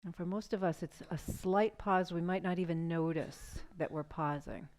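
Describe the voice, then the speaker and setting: A woman with a slightly low voice guides a seated yoga breathing practice. She talks calmly and gently, inviting the listener to notice each breath. Her instructions come as soft, patient questions. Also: normal speed.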